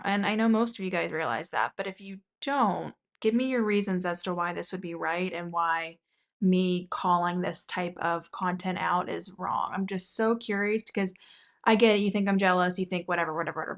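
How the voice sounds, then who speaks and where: A woman's voice: lowish voice, fairly bright tone. A woman hosting a commentary channel, indignantly critiquing a video and reading out viewer comments.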